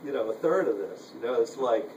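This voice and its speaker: A man's voice: medium pitch, expressive, brisk, a little mellow, slight background noise. Rambling man teaching writing, far off. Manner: rambling, full of "you know" and "like". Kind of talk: casual workshop talk. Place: room at a writers' retreat. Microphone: handheld camera from across the room. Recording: roomy, distant camera audio.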